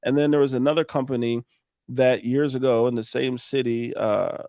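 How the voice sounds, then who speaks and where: A roofing business owner telling a blunt, animated story as a podcast guest and acting out what people said. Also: male voice, medium pitch, moderate pace, no echo, studio quality. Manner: animated, acts out quotes, blunt with swearing. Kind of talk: casual storytelling.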